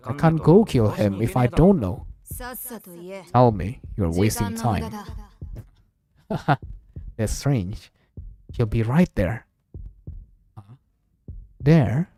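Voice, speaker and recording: Slow, expressive man reading game text. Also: medium pitch. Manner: slow, expressive reading, voicing several characters. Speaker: streamer reading a visual novel aloud. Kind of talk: dramatic read-aloud of game text.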